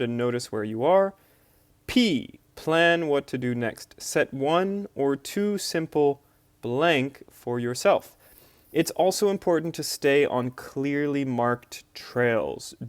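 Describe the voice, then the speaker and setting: A man teaching English, slowly and patiently walking students through a textbook lesson and modeling how words are stressed. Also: medium pitch, no echo. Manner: slow, patient explaining, modeling word stress. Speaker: ESL teacher.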